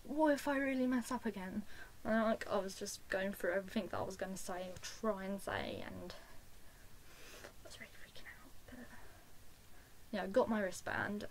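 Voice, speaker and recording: A woman, excitedly telling a personal story to the camera in a casual vlog, with lots of "like". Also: medium pitch, a little hiss or hum, poor audio. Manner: gushing and excitable, full of "like". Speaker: fan vlogger.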